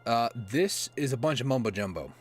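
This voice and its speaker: Man, gaming commentary, casual rambling, self-mocking, chuckly, lively pitch swings. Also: moderate pace, soft background music. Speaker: gaming YouTuber.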